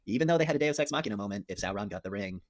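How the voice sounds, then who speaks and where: Fast-talking, swearing man recapping a movie. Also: fairly low pitch. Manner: excited scene retelling, swears a lot, throws in quick impressions. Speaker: podcast co-host. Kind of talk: casual movie review chat.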